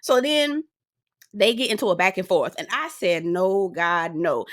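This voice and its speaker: A woman's voice: mid-range voice, very animated, normal speed, a bit bright, no echo, studio quality. A woman recapping a reality show for her viewers in a sassy, laughing, slang-filled style. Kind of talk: casual commentary to viewers.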